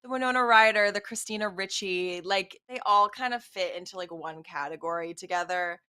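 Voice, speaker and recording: A woman's voice: mid-range voice, pushed and bright, smooth. A sleepy woman co-hosting a casual celebrity chat, gushing and peppering her talk with "like". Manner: gushing, fast, lots of "like". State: sleepy, yawning. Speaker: co-host.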